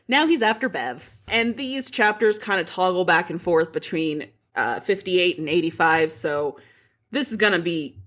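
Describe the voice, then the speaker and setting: A woman's voice: on the low side, moderate pace, a bit bright. A woman podcast host recapping a book in casual chat, frank and profane.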